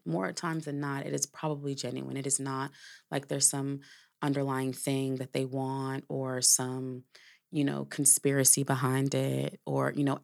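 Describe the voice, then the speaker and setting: A woman's voice: low-pitched, creaky. A woman hosting a podcast, telling a personal story in a candid, reflective way, with casual swearing and filler words. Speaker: podcast host.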